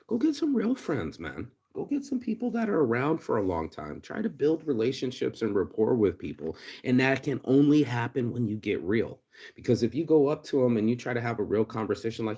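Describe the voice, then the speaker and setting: A man's voice: mid-range voice, big pitch swings, brisk, darkish tone, slightly rough. A man delivering an unscripted, profane, ranting vlog monologue, restarting sentences and acting out quotes. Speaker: vlogger.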